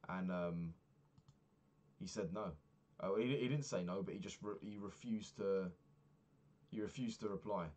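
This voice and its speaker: A man's voice: sits low, unhurried, long pauses, a little mellow. A man talking through his week in a casual diary vlog, rambling and swearing freely as he rants. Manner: rambling, profane ranting. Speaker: vlogger.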